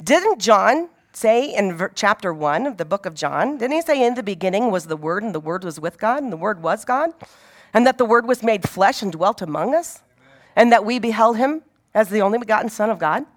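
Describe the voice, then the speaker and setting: Woman, informal Bible teacher, chatty and animated, mid pitch, very lively intonation. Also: a little fast. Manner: conversational, animated, asks rhetorical questions.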